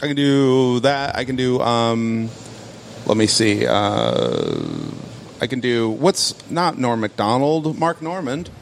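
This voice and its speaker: A man's voice: medium pitch, big pitch swings, slow, creaky, a little hiss or hum. A man co-hosting a podcast, in loose, laugh-filled banter with fellow comedians, swearing freely. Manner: laid-back, laughs often, swears freely. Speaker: podcast co-host. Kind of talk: casual banter among comedians.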